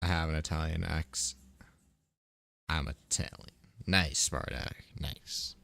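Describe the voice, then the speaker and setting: A young man chats casually while gaming, rambling from joke to joke and laughing easily. His voice is deep and his pace slow. The sound is dry and close. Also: steady tone, gravelly, a bit bright, no echo. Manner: rambling, joking, laughs often. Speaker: streamer.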